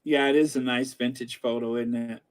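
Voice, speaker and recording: A man's voice: medium pitch, steady tone, moderate pace, clean tone. A middle-aged man from the American Midwest hosting a casual livestream, reading viewer comments aloud with lots of fillers and laughs. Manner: chatty, laughs often, reads comments aloud with frequent fillers. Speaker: host reading live chat.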